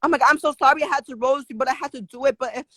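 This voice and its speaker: Brief: high, very fast woman, swearing roast-style rant, gushing, phone stream. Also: sharp tone, no echo. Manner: rapid-fire profane improvised roast, gushing. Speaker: livestream guest. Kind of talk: casual livestream chat. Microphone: phone on a livestream.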